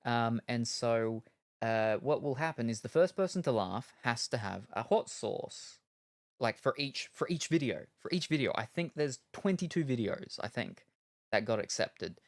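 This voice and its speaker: A man's voice: medium pitch, animated, normal speed, dry recording. Rambling, jokey male streamer, dry sound. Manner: rambling and jokey, with many fillers. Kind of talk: casual chat while gaming.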